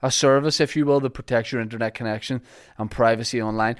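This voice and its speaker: A Northern Irish man hosts a podcast in an easygoing, rambling way, full of fillers, restarts and jokes. His voice sits at an ordinary middle pitch for a man. He talks loosely, even when he reads out ads. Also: fast talker. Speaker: podcast host. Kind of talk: casual podcast chat and sponsor reads.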